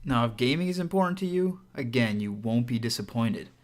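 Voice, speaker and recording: A man's voice: mid-range voice, animated, fairly quick. A man hosting his own channel and giving a casual product review, talking to viewers in a conversational, upbeat and direct way, with frequent asides. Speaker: tech reviewer and channel host.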